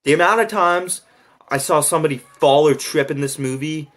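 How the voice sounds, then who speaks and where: A man's voice: on the high side, moderate pace, fairly bright tone. A man reacting to and reviewing a movie, ranting in an exasperated way with constant swearing.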